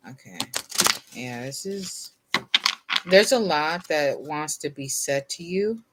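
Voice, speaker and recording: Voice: medium pitch, lively intonation, takes it slowly, heavy background noise. Sleepy, rambling tarot reader. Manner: rambling, self-interrupting, with laughs and fillers; reads card meanings from a guidebook aloud. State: sleepy, yawning. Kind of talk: casual tarot reading to camera.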